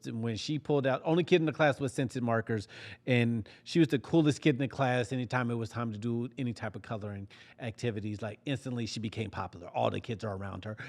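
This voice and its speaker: A man hosting a podcast, telling a comedic story with lively acted-out quotes and frequent laughs. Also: mid-range voice. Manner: animated, laughs often, acts out quotes. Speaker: podcast host.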